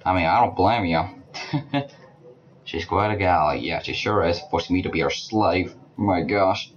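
A man giving let's play commentary, talking to the game characters and breaking into panicked shouts. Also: low voice, measured pace, dull audio. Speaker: gaming channel host. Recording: clear background noise.

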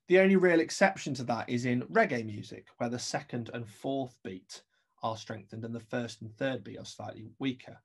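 A man's voice: mid-range voice, moderate pace, slight background noise. A man teaching an English-accented remote music lesson, explaining step by step and counting beats aloud.

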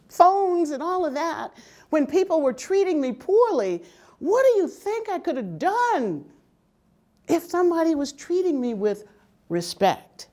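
An older woman speaking to an audience, her voice pitched a little high and swinging widely as she tells her stories. She takes her time, lets each line land, and often breaks into laughter. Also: darkish tone. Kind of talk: personal storytelling talk.

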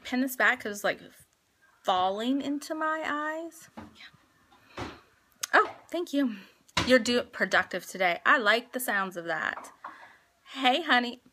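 Woman, 30s, live-stream host at home on a handheld phone: slightly high, bright and forceful, chatty, laughs a lot, heavy on fillers. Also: lively intonation, unhurried, long pauses, a little hiss or hum. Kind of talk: casual live-stream chat. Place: at home indoors.

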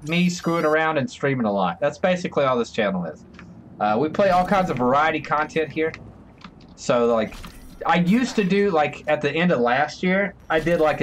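A man streaming a video game live, talking to his chat in an excitable, joking, chatty way. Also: a little high, slight background noise. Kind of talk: live gameplay commentary.

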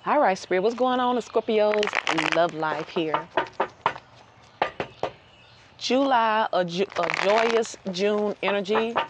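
A tarot reader gives a casual reading outdoors, chatty and lively, laughing a lot and repeating phrases for emphasis. Her voice is medium-pitched and unhurried, with heavy background noise behind it.

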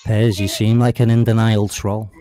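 Low dark-voiced man, taunting. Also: little pitch movement, moderate pace. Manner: taunting, repeats questions, mocking. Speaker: livestream panelist. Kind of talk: heated livestream argument. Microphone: online call.

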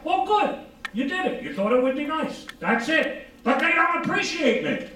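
A man giving an informal psychology lecture, animated, asking rhetorical questions and answering them himself. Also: very high-pitched, moderate pace. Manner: acts out quoted dialogue. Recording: very echoey room from far off.

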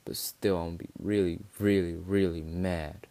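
Man, deep voice, casual game commentary, rambling, exasperated, swearing. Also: steady tone, moderate pace, warm tone, no echo. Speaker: gaming video creator.

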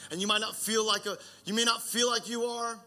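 A man's voice: sits high, steady tone, a little fast, bright, forceful tone, soft background music. A young adult man preaching a sermon as pastor, earnest and conversational, often restarting his sentences.

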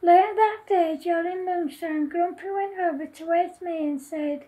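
Very high-voiced woman reading a story. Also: measured pace, few pauses, warm tone, rough recording. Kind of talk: reading her own children's story.

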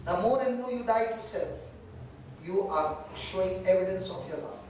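A high-voiced man delivers a sermon to a church gathering. He speaks in a loose, conversational way and keeps teasing his listeners with direct questions. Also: moderate pace, background noise. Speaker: preacher. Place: church meeting.

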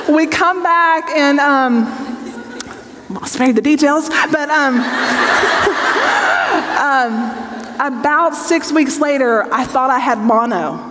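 A woman's voice: high voice, slow pace, pauses often, very noisy. Earnest woman preaching in a reverberant hall. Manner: earnest and conversational, checks in with the audience. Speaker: Bible teacher. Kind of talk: personal testimony sermon. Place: large hall with an audience. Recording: long reverb of a large hall.

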